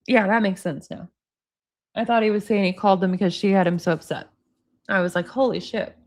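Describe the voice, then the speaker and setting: A woman's voice: medium pitch, fairly even intonation, a little fast. Blunt, laughing woman commentator. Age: 40s. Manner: blunt, swears freely, laughs often. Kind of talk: casual reaction commentary, reading texts aloud.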